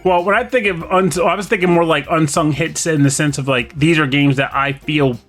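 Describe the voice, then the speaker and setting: A man with a slightly higher voice chats loosely on a podcast, playful and ready to jump into goofy shouted voices. Faint music sits under the talk. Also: brisk. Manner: playful, breaks into loud put-on voices. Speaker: podcast co-host. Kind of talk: casual chat.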